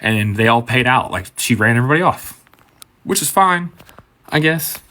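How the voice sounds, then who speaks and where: A man's voice: medium pitch, expressive, moderate pace, sharp tone. Casual bartender man telling a story. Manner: conversational, swearing, acts out quotes.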